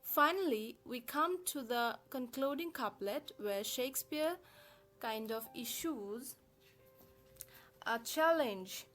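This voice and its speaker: A woman lecturing on a poem in a careful, explanatory way, often pausing with "uh" as she works through her points. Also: sits high, lively intonation, fairly bright tone, soft background music. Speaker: literature teacher. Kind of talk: recorded poetry lesson.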